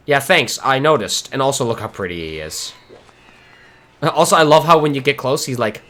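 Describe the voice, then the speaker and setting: A man giving excitable, casual commentary while streaming a game, often swearing and laughing. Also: medium pitch, normal speed.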